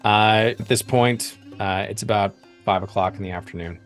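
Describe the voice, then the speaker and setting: A man's voice: fairly low pitch, fairly even intonation, normal speed, faint music behind. A man narrating a tabletop role-playing game as game master, describing scenes with frequent ums and uhs.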